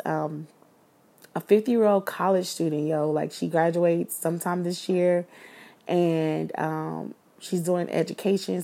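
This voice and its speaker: A woman's voice: low-pitched, vocal fry, a little mellow. A woman in her thirties hosting a podcast, speaking in an earnest, emotional personal monologue full of fillers. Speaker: podcast host.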